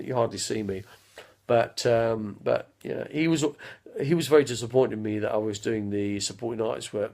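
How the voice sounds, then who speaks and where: A man's voice: fairly low pitch, vocal fry, darkish tone. A man in his fifties chatting casually on a live stream from home, rambling through anecdotes and trailing off to recall names. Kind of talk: casual chat.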